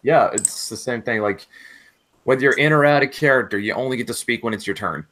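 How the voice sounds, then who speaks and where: A man's voice: medium pitch, fairly quick, a bit bright. A man running a tabletop role-playing game as game master, laid-back and casual, laughing often. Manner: laid-back, laughs often, says "all right" a lot.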